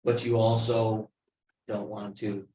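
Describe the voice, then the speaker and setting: A village board member speaks at a public meeting, working through an issue and sharing anecdotes conversationally. His voice is fairly low, dark and flat, with a slow pace. The roomy meeting hall carries faint background noise.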